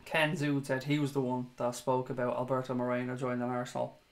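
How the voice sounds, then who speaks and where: A man's voice: mid-range voice, monotone, a little fast. A young man hosting a fan livestream, reading viewer comments in a chatty, casual way, swearing and laughing at himself now and then.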